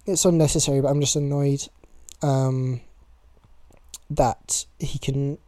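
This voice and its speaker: Young British host, casual solo podcast, warm tone, chatty and sweary. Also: mid-range voice, fairly even intonation, takes it slowly, dry recording. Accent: British English. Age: young adult.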